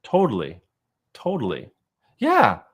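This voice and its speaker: A man's voice: mid-range voice, huge pitch swings, slow. A man appearing as a guest on a podcast, talking earnestly and casually, repeating words as he gathers his thoughts and laughing easily. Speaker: interview guest, video creator. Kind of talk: casual conversational interview.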